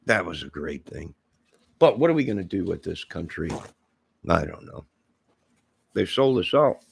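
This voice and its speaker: A man's voice: sits low, sing-song, moderate pace, vocal fry, breathy edge. A man chatting casually on a livestream, rambling and joking as he answers viewers' comments. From Illinois, near Chicago.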